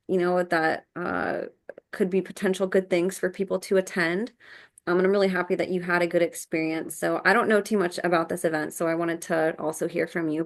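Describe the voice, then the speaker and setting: A woman hosts a casual podcast interview in a fairly low voice. She is encouraging and appreciative toward her guest. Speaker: podcast host.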